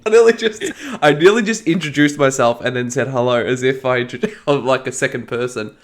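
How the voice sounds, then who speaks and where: Australian man in his thirties hosting a chatty podcast, lively and self-mocking, groggy from hay fever tablets. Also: medium pitch, fairly quick. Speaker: podcast host. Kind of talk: casual chat.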